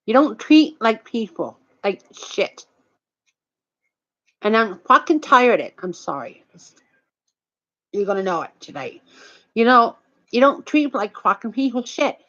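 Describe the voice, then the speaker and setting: An older woman talking in a rambling, halting, profane monologue. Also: on the high side, lively intonation, fairly bright tone, dull audio.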